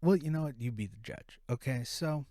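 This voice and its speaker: A man's voice: medium pitch, moderate pace, mellow, dry recording, studio quality. A man hosting a podcast who tells a profane, rambling story in a casual way. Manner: profane, rambling, full of restarts. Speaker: podcast host.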